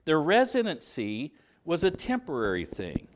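Male preacher, southern Indiana roots, animated pitch, conversational sermon delivery. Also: normal speed. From southern Indiana, USA. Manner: earnest, conversational preaching with fillers and restarts.

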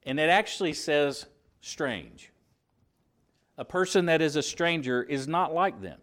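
A man's voice: fairly high pitch, unhurried, a bit bright. A man from southern Indiana preaching a sermon, earnest and conversational, with fillers and restarts. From southern Indiana, USA.

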